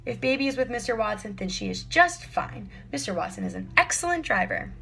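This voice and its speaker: A woman voicing a cheerful, motherly woman who talks in a gentle, soothing, doting way. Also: on the high side, sing-song, a little fast, gravelly, pitched above the performer's own voice, heavily acted. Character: sweet, cheerful motherly woman, fussing kindly.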